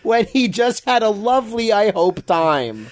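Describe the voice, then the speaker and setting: A man telling a story in casual chat, acting out what people said with big swings in pitch. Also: unhurried, no room sound. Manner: animated, acts out quotes with shifting pitch.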